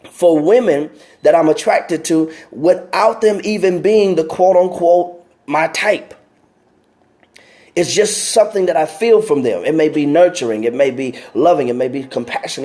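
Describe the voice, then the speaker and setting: A man talks earnestly in a casual motivational stream, circling back over his points and stumbling into restarts. His voice is mellow and fairly high for a man. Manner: earnest, repeats phrases, many restarts; greets viewers by name mid-talk. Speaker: speaker giving life advice.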